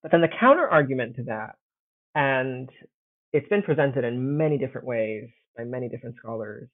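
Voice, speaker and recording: A man in relaxed academic chat, thinking aloud with frequent restarts and self-deprecating asides. His voice comes through a thin, phone-like line. The sound is close and dry. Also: medium pitch, dry recording. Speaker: podcast co-host, classics scholar.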